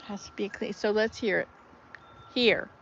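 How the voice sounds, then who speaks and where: An older woman, a grandmother, chatting casually and telling jokes on her vlog, laughing loudly at the punchlines. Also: medium pitch, fairly even intonation, normal speed, lo-fi sound, a little hiss or hum. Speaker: vlogger. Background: birdsong.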